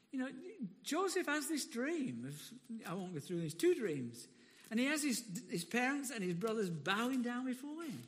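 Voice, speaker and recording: A high, bright male voice preaching with lively swings of pitch, emphatic and quick to laugh. His sermon rings out in a church hall with a long reverb. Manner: animated, emphatic, laughs often.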